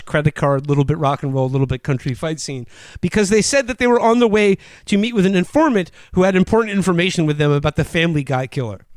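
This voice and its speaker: A man's voice: high voice, clean tone, no echo. A man co-hosting a podcast, rambling through a movie recap with stumbling restarts and mock quotes. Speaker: podcast co-host. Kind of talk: casual movie-review chat.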